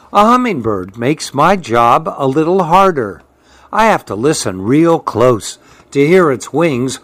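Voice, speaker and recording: A man reading a children's storybook aloud in a calm, unhurried way. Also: medium pitch, no room sound. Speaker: storybook reader.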